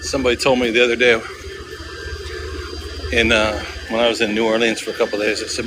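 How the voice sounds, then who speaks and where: A man's voice: mid-range voice, level tone, fast, pauses often, noisy background. Chatty man livestreaming from the street. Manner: chatty, talks to viewers and off-camera people, thinks aloud. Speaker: livestream vlogger. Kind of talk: casual walking livestream chat. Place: outdoors on city streets, riding in a vehicle.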